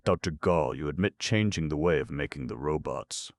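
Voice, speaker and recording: A man's voice: extremely low pitch, moderate pace, dry recording. A man reading a stern, clipped engineer.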